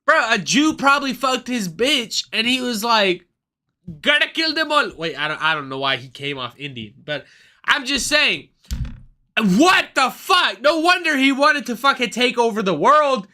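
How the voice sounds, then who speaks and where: A male streamer ranting casually on a livestream, profane and excitable, rambling from one thought to the next. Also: very high-pitched, moderate pace.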